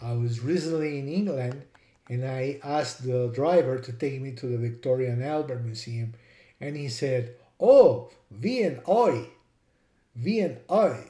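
A man's voice: medium pitch, steady tone, normal speed, mellow, reverberant. A man teaching a lesson, spelling out words and repeating sounds to demonstrate. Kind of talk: explanatory lesson.

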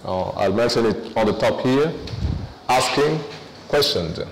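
A man's voice: lowish voice, moderate pace, a little mellow, in a large hall, a little hiss or hum, low-quality recording. A man teaching an English review lesson, switching between English and with frequent fillers.

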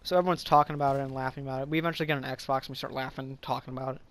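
A man's voice: medium pitch, steady tone, rapid-fire, a bit bright. A man casually telling a story from his school days, rambling with lots of fillers, swearing, and frequent stumbles and restarts. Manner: rambling, filler-heavy, profane. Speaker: vlogger.

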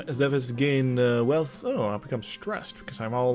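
A man's voice: mid-range voice, sing-song, normal speed, few pauses, a little mellow, faint music behind. A young man giving casual let's-play commentary, rambling, mumbling and chuckling to himself as he plays. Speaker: gameplay commentator. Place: indoor room with loud trucks outside.

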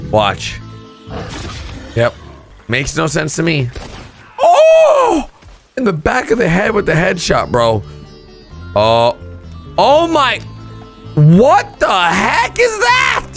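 A young man commentating on gameplay clips with excited outbursts and shouts. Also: medium pitch. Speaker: gaming commentator.

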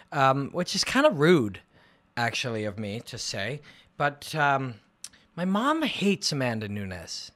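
Man, livestream host, casual chat, rambling, lots of ums, lively pitch, bright tone. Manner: excitable, rambling, lots of fillers. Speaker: MMA analyst and show host. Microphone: phone and computer livestream.

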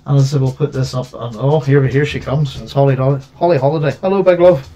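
A man's voice: mid-range voice, steady tone, quick pace, dark tone. Male host, casual, meandering chat from his home setup. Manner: rambling, many restarts and fillers.

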